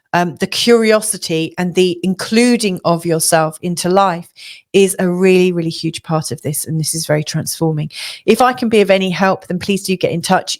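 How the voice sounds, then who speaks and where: A middle-aged woman astrologer giving a monthly forecast in a reflective, coaching way, with many fillers and restarts. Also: lowish voice.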